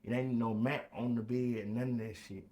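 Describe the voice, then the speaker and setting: A young man telling a story casually on a podcast, acting out voices with sudden loud high bursts. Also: steady tone, normal speed.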